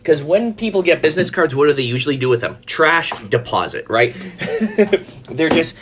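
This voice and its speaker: A man's voice: on the high side, big pitch swings, normal speed, background noise. A man telling a story in a casual live stream, chatty, with frequent laughter, fillers and restarts. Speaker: vlogger.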